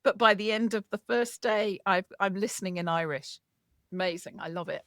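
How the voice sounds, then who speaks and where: A woman author being interviewed, talking in a lively, chatty storytelling way. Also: mid-range voice, moderate pace, no echo, clean studio sound. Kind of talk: casual chat.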